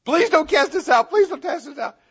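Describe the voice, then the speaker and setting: A man voicing a desperate horde of male demons, shrieking and pleading in a high, frantic voice, on a dull lo-fi recording. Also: lively intonation, brisk, a bit bright, exaggerated voice.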